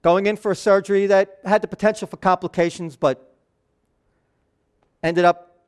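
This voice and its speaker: High-voiced, nasal man preaching. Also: steady tone, normal speed, smooth. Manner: earnest, loose asides and restarts. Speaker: pastor. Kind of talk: conversational sermon.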